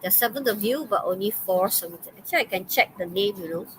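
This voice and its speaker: Here the Malaysian-accented online English teacher talks fast at a medium pitch, chatty and laughing a lot, her speech full of okays and fillers. Slight background noise comes through on a rough recording.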